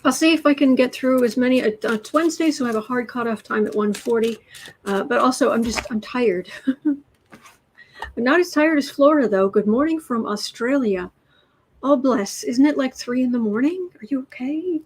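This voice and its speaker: A woman's voice: on the high side, fairly quick, poor audio. A woman hosting a tarot livestream in a casual, rambling way, greeting viewers from the chat and chatting as she goes. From United States.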